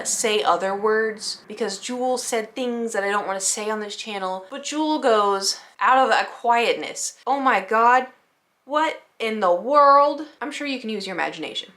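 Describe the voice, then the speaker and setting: A young woman streamer casually telling a story to her viewers, acting out her friends' reactions. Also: slight background noise. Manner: animated, acts out quoted friends in a higher voice.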